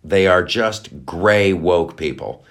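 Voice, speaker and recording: A man hosting his own show, ranting and telling a story with jokes, swearing freely and laughing as he talks. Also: slow. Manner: animated, swings to high excited pitch when storytelling. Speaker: show host. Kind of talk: comedic rant.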